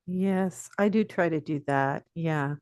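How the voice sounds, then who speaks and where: A woman's voice: low voice, takes it slowly, darkish tone, clean tone, no echo, studio quality. An older woman from the Pacific Northwest, a teacher guesting on a podcast, talking reflectively and chuckling often as she tells stories. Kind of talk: casual interview conversation.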